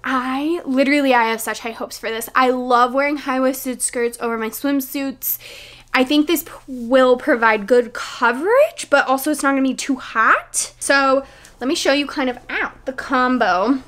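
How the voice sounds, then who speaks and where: A young woman with a Midwestern American accent talks through a product review vlog in a casual, bubbly way. Her voice sits high, and she is eager and full of fillers as she chats. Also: moderate pace, fairly bright tone. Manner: bubbly and enthusiastic, many fillers. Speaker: vlogger.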